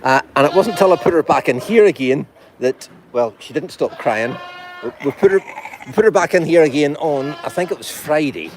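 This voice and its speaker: A man hosts a casual farm video shot on a phone, chatting to viewers and cooing affectionately at his goats in their pen. His fairly high-pitched voice is animated and fairly quick, with a little hiss or hum in the recording.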